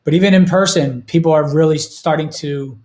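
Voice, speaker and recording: A man's voice: on the high side, normal speed, a little mellow. A man in his thirties talking earnestly and emotionally on a casual podcast. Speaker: podcast host.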